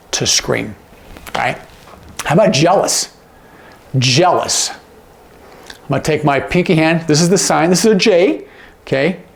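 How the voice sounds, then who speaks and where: This sign language teacher has a creaky voice on the high side. His lesson is casual and demonstrative, with frequent "okay?" check-ins as he explains.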